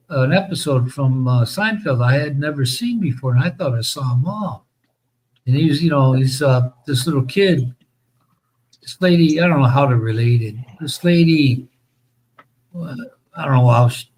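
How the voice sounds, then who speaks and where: A man in his fifties chatting casually as a podcast co-host, telling stories in a rambling, halting way with many fillers. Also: mid-range voice, darkish tone, rough recording. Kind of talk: casual chat.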